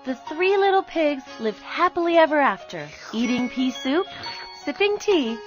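A woman narrating a children's storybook in an expressive, unhurried way. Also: high voice. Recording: slightly dull recording with music behind.

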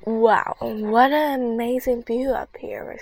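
A woman reading aloud and voicing an excited, chatty girl in a children's adventure story, with loud gushing exclamations. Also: on the high side, a little slow, dry recording, natural voice, rough recording.

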